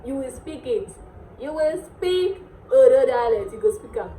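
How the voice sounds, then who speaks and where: A Nigerian woman hosting a casual language lesson, repeating words slowly and laughing often. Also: high-pitched, animated, warm tone, a little hiss or hum. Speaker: dialect teacher and channel host. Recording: echoey room with faint music.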